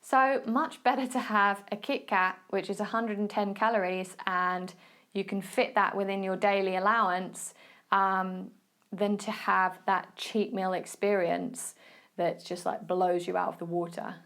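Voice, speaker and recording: A woman's voice: medium pitch, fairly even intonation, a little slow, fairly bright tone. A woman with an Essex accent hosting a solo podcast, giving nutrition advice in a chatty, encouraging way and often checking in with the listener. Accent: Essex English. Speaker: podcast host and nutrition coach. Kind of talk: casual solo podcast talk.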